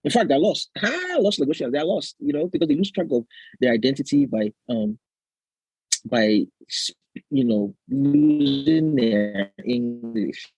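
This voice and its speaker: A man with a Nigerian-American accent, hosting a casual podcast chat and telling animated stories full of slang and laughter. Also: medium pitch, unhurried, vocal fry, breathy edge, dry recording, faint music behind, low-quality recording. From United States. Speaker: podcast host.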